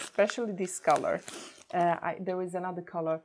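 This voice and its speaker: A woman beauty vlogger chatting casually as she unboxes gifts, gushing and repeating words in her excitement. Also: lowish voice, a little fast, a little hiss or hum.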